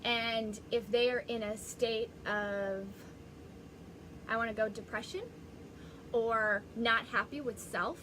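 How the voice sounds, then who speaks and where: Woman, psychic medium hosting a livestream; chatty and rambling, slightly high voice, faint background hiss. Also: sharp tone, low-quality recording. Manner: rambling, chatty, restarts often. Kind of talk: live-streamed spiritual reading.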